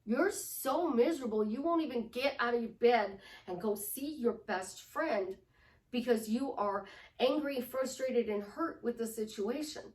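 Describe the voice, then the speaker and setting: A middle-aged woman life coach giving a lively coaching talk, acting out affirmations in shifting tones. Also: fairly high pitch, a little slow. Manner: animated, acts out affirmations in different tones. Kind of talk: coaching monologue. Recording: roomy sound from a distant mic.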